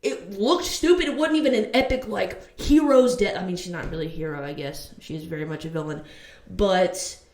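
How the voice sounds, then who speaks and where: A woman's voice: medium pitch, normal speed, darkish tone, reverberant, slight background noise. A woman vlogger giving a casual TV review, ranting heatedly and swearing.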